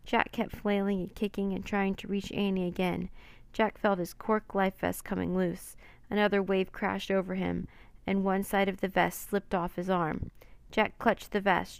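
A woman narrates a children's adventure book in an expressive, dramatic way. Her voice sits in a middle pitch, and the recording is dry with no room sound. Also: normal speed, gravelly, no room sound. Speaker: storyteller. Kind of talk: children's storybook reading.

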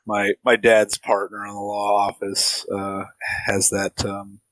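A man co-hosting a podcast in casual chat, chiming in with short remarks and quick agreement. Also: on the low side, no room sound, rough recording. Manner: relaxed, chimes in with short agreeing remarks and laughs. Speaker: podcast co-host.

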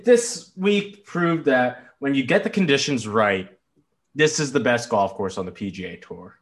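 An animated man co-hosting a casual sports chat. His pitch swings widely as he vents, exasperated and blunt, and the odd curse slips out. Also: slow, pauses often. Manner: animated, exasperated, swears freely. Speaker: podcast co-host.

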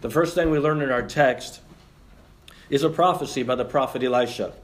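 A man preaching a sermon as pastor, joking with the congregation and reading scripture aloud in an animated way. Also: mid-range voice, normal speed.

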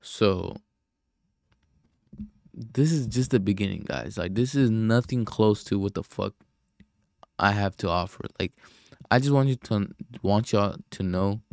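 A man's voice: fairly low pitch, gravelly, a little mellow, dry recording, studio quality. A young man hosting his own podcast alone, rambling in a casual, profane and self-deprecating way. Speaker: podcast host. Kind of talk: casual solo podcast monologue.

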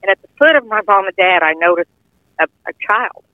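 A woman's voice: medium pitch, lively intonation, a little fast, dry recording. An older woman earnestly telling a heartfelt personal testimony in plain, informal speech. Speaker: guest sharing a testimony. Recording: tinny phone-line audio, dry.

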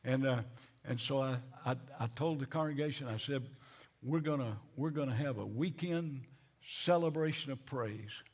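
A man's voice: mid-range voice, normal speed. A man, a pastor telling a story in a sermon, acting out the people he quotes and often repeating words.

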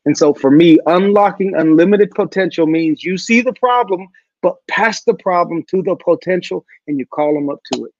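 Animated guest storyteller, a man with a higher, gravelly voice, on a dull video-call line. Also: moderate pace. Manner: animated storyteller who acts out quotes. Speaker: guest speaker and author. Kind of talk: storytelling interview answer.

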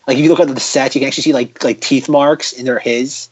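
A man's voice: medium pitch, fairly even intonation, breathy edge. A man hosting a podcast in casual chat who jokes wryly and steers the talk. The sound is dull and lo-fi. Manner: wry, quick to steer the talk. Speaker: podcast host.

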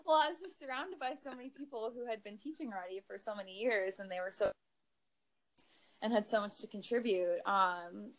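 Young woman, mid-pitch, conversational podcast guest who laughs a lot and talks with fillers and restarts. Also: rough recording. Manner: laughs often, warm storytelling with fillers. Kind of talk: casual chat.

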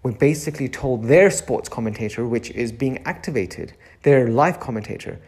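A man's voice: mid-range voice, moderate pace, darkish tone, slightly rough. A man who runs a nursery, giving a reflective self-help talk, repeating key phrases and lingering on words.

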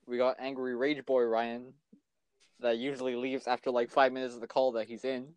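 A man's voice: medium pitch, little pitch movement, normal speed, a little mellow, smooth, dry recording. A young man co-hosting a podcast with friends, teasing one of them with a laugh in his voice. He often stumbles and restarts his sentences. The recording is dry and close, with no room sound. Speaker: podcast co-host. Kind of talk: casual podcast banter.

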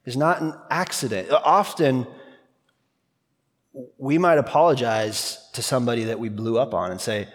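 A man preaching a sermon as pastor, talking in a conversational, animated way with quick asides. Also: medium pitch, in a large hall.

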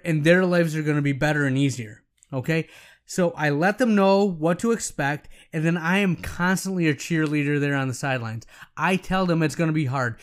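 A middle-aged man hosting a podcast for optometrists, giving casual business advice in a coaching manner and checking in with "right?" and "okay?". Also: a little high.

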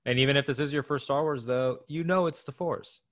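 A man co-hosting a podcast in casual chat, speaking with enthusiasm in quick bursts. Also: mid-range voice, a bit bright, dry recording, clean studio sound. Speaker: podcast co-host.

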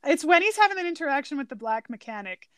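Woman, fairly high voice, casual film chat, retells scenes, dry close sound. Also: fast talker, no room sound. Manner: animated, retells scenes by acting out quotes.

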